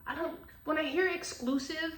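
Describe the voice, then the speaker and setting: A woman's voice: high voice, steady tone, moderate pace, a bit bright. A woman giving a casual tarot reading, talking bluntly with lots of swearing and frequent laughs. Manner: blunt, profane, laughs often. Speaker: tarot reader. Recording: echoey room, distant mic, faint noise.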